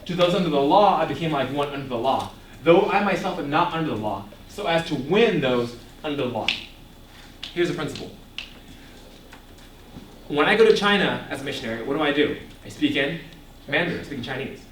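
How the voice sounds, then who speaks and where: A young man giving an animated ministry talk to a young audience, asking the room questions and laughing often. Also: on the high side, fairly quick, far from the mic, a little hiss or hum. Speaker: ministry speaker. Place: echoey room before a live audience. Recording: echoey room, voice picked up from afar.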